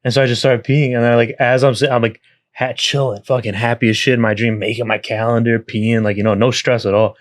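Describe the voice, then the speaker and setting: A young man co-hosting a podcast, telling stories in casual chat, animated, with frequent swearing and laughter. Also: medium pitch, fast talker. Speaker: podcast co-host.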